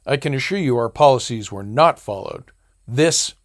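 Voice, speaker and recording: A man's voice: medium pitch, lively intonation, moderate pace, no echo, studio quality, natural voice. A man voicing a sleazy, contemptuous male bar owner in an audiobook, speaking in a stern, clipped, accusing way.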